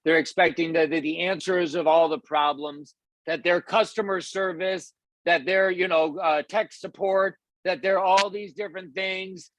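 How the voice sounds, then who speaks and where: A company leader gives a casual, rambling pep talk in a steady tone and at a measured pace, full of restarts and fillers. He acts out quoted voices in a higher, louder pitch, with no echo on the recording.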